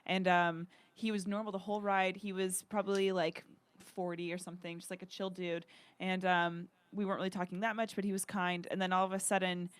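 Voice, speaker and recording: A young woman co-hosting a comedy podcast tells a story in casual chat. She is animated and swears freely. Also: lowish voice, fairly quick, smooth. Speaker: podcast co-host.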